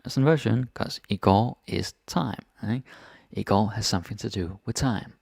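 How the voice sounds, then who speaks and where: Man, language teacher, casual explainer, gravelly, dry recording. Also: lowish voice, normal speed, no echo. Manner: relaxed, chatty, keeps asking "right?". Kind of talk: casual grammar lesson.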